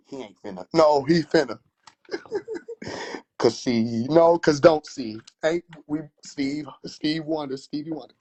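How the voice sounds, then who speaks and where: A man's voice: fairly high pitch, sing-song, takes it slowly, darkish tone, husky. A man hosting a live stream, boisterous and mocking in a casual rant, laughing often. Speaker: livestream host.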